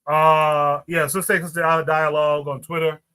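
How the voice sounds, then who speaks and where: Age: adult. Sex: man. Role: podcast host. Style: casual livestream chat. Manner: loose, thinking aloud. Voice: fairly high and bright. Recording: dry. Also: little pitch movement, normal speed, clear, resonant tone, no room sound.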